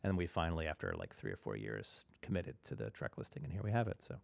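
A man's voice: very deep voice, very animated, fast talker, vocal fry, dry recording, clean studio sound. A man co-hosting a casual radio chat, talking in a rambling, enthusiastic way with lots of fillers. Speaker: radio show co-host, record label owner.

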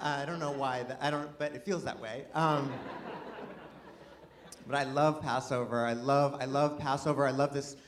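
A man doing a stand-up set, rambling and self-deprecating, swinging from mumbled asides to shouted bursts, with audience laughter behind him. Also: medium pitch, steady tone, normal speed. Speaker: stand-up comedian. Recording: live club mic with audience noise.

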